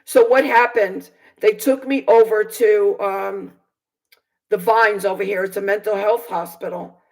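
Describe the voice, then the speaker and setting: A woman who preaches on video tells her own story as a personal testimony, in an earnest, indignant and halting way with many fillers and restarts. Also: medium pitch, steady tone, creaky, low-quality recording.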